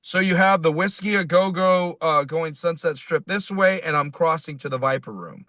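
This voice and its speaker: A man, a singer-songwriter, telling a personal story as a guest in an interview, lively and quoting others as he goes. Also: a little high, normal speed, no echo. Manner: animated, quotes people in his stories.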